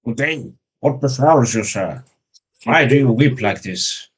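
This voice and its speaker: Husky-voiced man speaking like a knight. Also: medium pitch, animated, unhurried. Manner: formal, knightly phrasing. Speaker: player. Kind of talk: in-character tabletop play.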